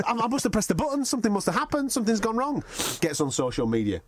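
A man, co-hosting a podcast and telling stories in a lively, jokey way, swearing freely. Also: high voice, very fast, few pauses, a little hiss or hum. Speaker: podcast co-host. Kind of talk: casual chat, animated storytelling.

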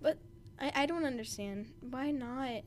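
A young woman talking casually as co-host of a book discussion, with a chatty, excitable manner full of "like". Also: sits high, measured pace, crowd noise. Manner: chatty, lots of "like", excitable rants. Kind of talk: casual chat. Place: home.

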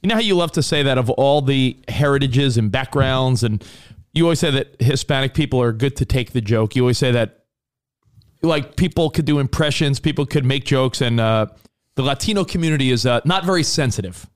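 Rambling, animated male co-host. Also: medium pitch, a little fast, clean tone. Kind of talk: casual chat.

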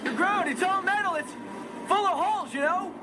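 An eager young sidekick, high excited voice, film music behind. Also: male voice, normal speed.

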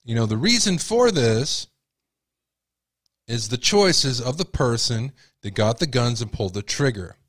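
A man's voice: mid-range voice, lively intonation, a little slow, dry recording. A man hosts a casual commentary show and delivers blunt, opinionated remarks. His voice is recorded close and dry, with no room sound. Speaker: commentary host.

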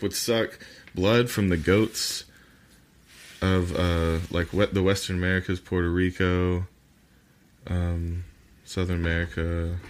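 A man co-hosting a casual podcast chat, laid-back and swearing freely, laughing as he stumbles through reading aloud. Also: deep voice. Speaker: podcast co-host.

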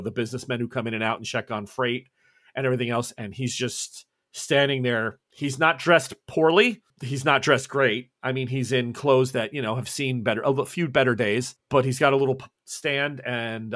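A man's voice: medium pitch, fairly even intonation, fairly quick, fairly bright tone. A man narrating a tabletop game as game master, rambling and restarting, with many fillers.

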